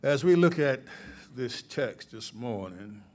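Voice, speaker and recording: Slow-preaching pastor with rising swells. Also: male voice, mid-range voice. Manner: preacherly, building from calm teaching to rising emphatic swells. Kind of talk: sermon.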